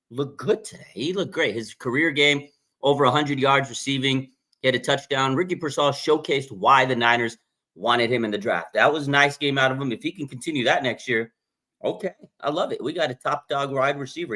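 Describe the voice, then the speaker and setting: A man hosting a live fan reaction stream in a casual, excitable way, laughing and ranting with his voice jumping up when he gets hyped. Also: mid-range voice. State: has a bloody nose. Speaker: sports fan livestream host.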